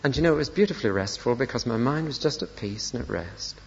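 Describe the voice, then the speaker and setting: A man's voice: mid-range voice, lively intonation, quick pace, vocal fry, a little hiss or hum. An older man, a pastor preaching a sermon, telling personal stories with dry, self-deprecating humor. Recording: lo-fi recording in a reverberant church hall.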